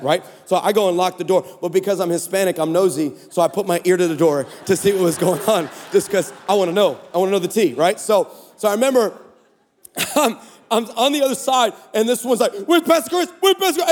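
A man preaching a sermon at a conference, telling stories and building to shouts. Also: fairly high pitch. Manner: storytelling, animated, rising to shouts. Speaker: pastor. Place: conference stage in a large hall. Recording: echoey large hall.

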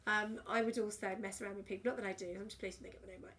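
A middle-aged woman in casual podcast chat, telling animated anecdotes and swearing freely. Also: medium pitch, rapid-fire, crowd noise. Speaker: podcast co-host.

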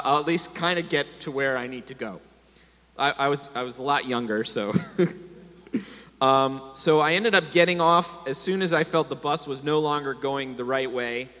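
A male American preacher with a slightly high, pushed and bright voice delivers a sermon built on call-and-response. The congregation hall gives the sound a long, reverberant tail.

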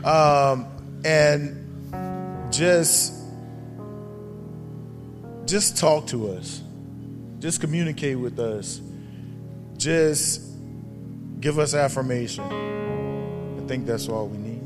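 Very slow man in an echoey hall. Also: medium pitch, over music. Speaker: panel guest. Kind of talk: church panel answer.

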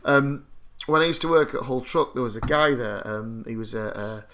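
A man's voice: medium pitch, normal speed, fairly bright tone. A man chatting casually on a podcast, telling rambling, self-deprecating anecdotes full of restarts. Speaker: podcast co-host.

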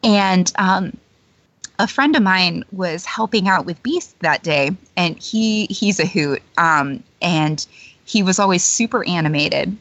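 An expressive woman with a lowish, slightly bright voice speaks at a slow pace as a guest on an interview show. A former theme-park character performer, she tells anecdotes chattily, with lots of fillers and frequent laughter. The lo-fi recording is dull, dry and echo-free.

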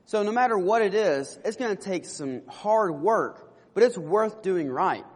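A man's voice: high voice, expressive, measured pace, big-room sound. A young man preaching a sermon, telling a story and earnestly asking the listeners questions.

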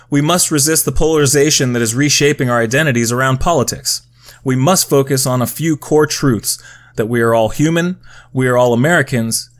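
A podcast host reading a formal statement aloud in a measured, steady way. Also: male voice, mid-range voice.

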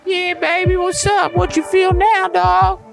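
A cocky, crude young rapper, half-singing every line in a shrill, squeaky register. The voice keeps a gravelly rasp underneath. He boasts nonstop over the phone. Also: level tone, unhurried, music in the background, heavily acted. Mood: boastful.

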